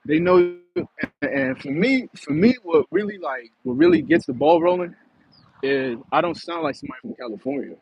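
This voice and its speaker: A man's voice: fairly high pitch, animated, moderate pace, gravelly, muffled recording. A man with an East Coast American accent, joking around in a playful casual monologue and laughing often. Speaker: comedic vlogger.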